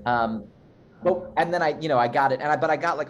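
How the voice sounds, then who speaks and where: A man's voice: on the high side, brisk. Chatty, rambling young man. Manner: rambling, chatty, lots of fillers. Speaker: guest actor. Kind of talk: casual chat.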